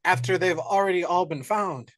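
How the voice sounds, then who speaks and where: A man's voice: high voice, normal speed, fairly bright tone, dry recording. A man co-hosting a podcast, chiming in with wry questions and laughing often. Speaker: podcast co-host. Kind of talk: casual chat.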